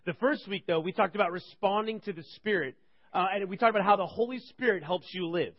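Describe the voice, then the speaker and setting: Man, 30s, youth pastor, high voice, animated storytelling, joking asides, muffled recording. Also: fast. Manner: animated, joking, rambling with restarts. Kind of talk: humorous sermon storytelling. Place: church service. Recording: dull lo-fi recording.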